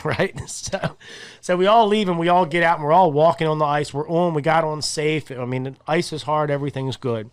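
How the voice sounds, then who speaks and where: A man with a slightly high voice spins a rambling, animated yarn, stumbling over repeated words and chuckling as he goes. He speaks close to the mic in a dry, dead room. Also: clear, resonant tone, no echo. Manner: rambling, animated storyteller, repeats words, laughs while talking. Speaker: podcast host. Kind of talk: casual chat.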